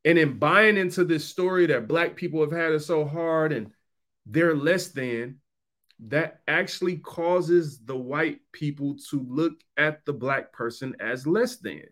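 A man's voice: fairly high pitch, a little slow, fairly bright tone. Emphatic slangy male podcast host. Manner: talks to listeners, repeating for stress. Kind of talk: conversational monologue.

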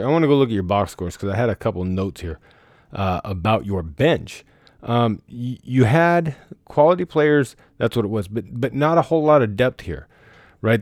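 A man with a lowish voice, rambling through a casual league recap from his bedroom. His talk is crude and teasing, full of swearing and trash talk. The sound is dry and close, with no room echo. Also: a little mellow. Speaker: fantasy football league commissioner.

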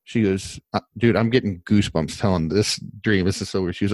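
A man's voice: on the low side, fast talker, darkish tone, no echo. A man telling a long personal story in casual conversation, rambling and candid, with many fillers and restarts, earnest and emotional.

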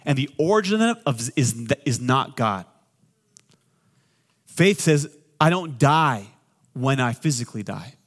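A middle-aged man, a pastor, preaching a sermon with joking asides, swinging between loud and quiet. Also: medium pitch, lively intonation, measured pace, long pauses.

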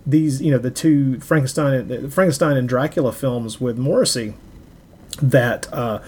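A man's voice: mid-range voice, moderate pace, darkish tone, slightly rough. A man co-hosting a film podcast, talking casually with many fillers and restarts. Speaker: podcast co-host.

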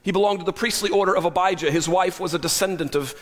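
A male pastor delivers a sermon in a fairly high voice that carries a long reverb through the sanctuary. He preaches with animated emphasis, sometimes dropping into quiet, intimate asides, and slips in wry humor along the way. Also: quick pace. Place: church sanctuary.

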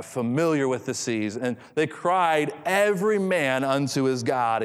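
A man's voice: mid-range voice, smooth. A man preaching an expository sermon, reading scripture aloud and repeating key phrases for emphasis. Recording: long hall reverb.

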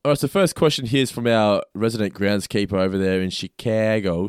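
A man's voice: on the low side, quick pace, smooth, no echo, studio quality. Upbeat podcast host man. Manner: upbeat, reads out listener suggestions. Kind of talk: casual podcast chat.

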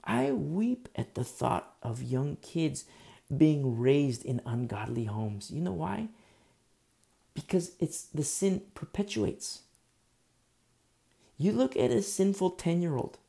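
A man preaching a sermon, impassioned, rising to emphatic questions and dropping to a hush. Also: a little high, sing-song, takes it slowly, gravelly.

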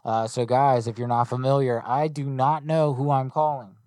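A man's voice: mid-range voice, little pitch movement, a little mellow, no echo. A man streaming prank calls, chatting casually with lots of swearing and jokes. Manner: profane, joking, quick asides. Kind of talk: casual live-stream chat.

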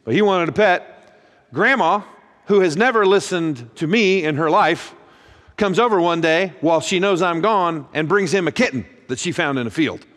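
A middle-aged pastor telling comic stories from the pulpit, with a dry, self-mocking timing that acts out both sides of every conversation. His voice sits a touch high for a man. It rings with the long reverb of a big hall. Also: animated, normal speed, a bit bright. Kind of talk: humorous sermon storytelling.

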